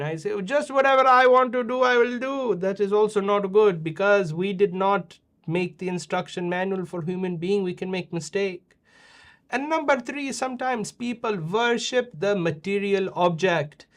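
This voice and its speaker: Playful high-voiced host teasing kids. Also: male voice. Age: middle-aged. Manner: playful teasing, mock-scolding. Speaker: host judging kids' videos. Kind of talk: casual chat.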